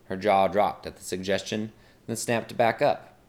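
A man's voice: lowish voice, steady tone, unhurried, a little mellow. A man narrating a comic fantasy story in a wry, dramatic storytelling manner.

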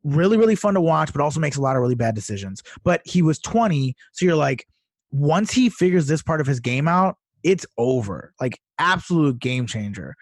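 A man co-hosting a podcast in casual chat, excitable and animated, swearing freely. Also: on the high side, a little fast, no echo, clean studio sound. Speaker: podcast co-host.

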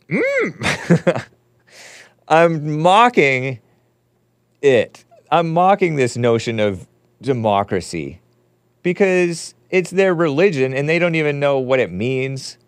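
A man's voice: medium pitch, clear, resonant tone, no room sound. Guy hosting a call-in show, rambling and sarcastic, dry close sound. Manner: rambling, mocking opinionated commentary. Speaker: podcast host. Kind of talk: casual call-in and monologue.

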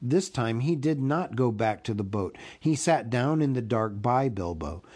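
Guy reading a storybook out loud, slow and lively, lots of ups and downs. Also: mid-range voice. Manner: expressive, unhurried reading. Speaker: podcast host reading aloud. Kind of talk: storybook read-aloud.

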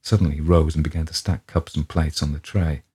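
A man reading a classic story aloud in a measured, deliberate way. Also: very deep voice, steady tone, mellow, husky. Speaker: audiobook reader. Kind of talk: storybook narration.

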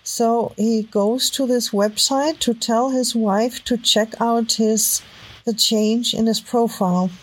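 A woman's voice: on the high side, fairly even intonation, breathy edge, poor audio. German-accented woman thinking aloud. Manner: halting, thinks aloud with many fillers and restarts. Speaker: podcast host. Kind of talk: casual commentary while browsing web posts. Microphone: home microphone.

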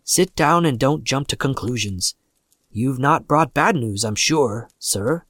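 A man's voice: medium pitch, expressive, unhurried, a bit bright, dry recording. A man gives voice to an aging father in a classic tale of terror, plain-spoken and stubborn. His words stay dry and close to the mic. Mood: soothing. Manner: insistent, then soothing and dazed. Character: stubborn old father, later dazed with grief.

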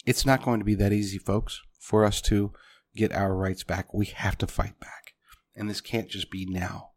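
A man's voice: lowish voice, level tone, normal speed. A man delivering a punchy political commentary monologue, speaking directly to his listeners as folks.

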